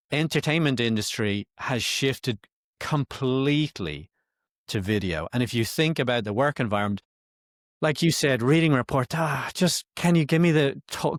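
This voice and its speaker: A man's voice: mid-range voice, dry recording, clean studio sound. A man co-hosting a podcast in casual chat, explaining his points thoughtfully with frequent restarts. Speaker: podcast co-host.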